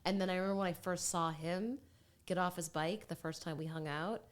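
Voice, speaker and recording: A woman talks as a guest in a loose, candid way, often poking fun at herself. Her voice sits a little low for a woman, and she is chatty throughout. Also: steady tone, fairly quick. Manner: chatty, candid, self-mocking. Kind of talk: casual chat.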